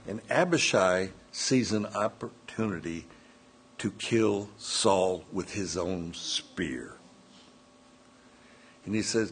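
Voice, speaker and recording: Slow, husky-voiced man preaching. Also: deep voice. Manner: slow, measured retelling with quoted dialogue and self-corrections. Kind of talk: sermon retelling a scripture story.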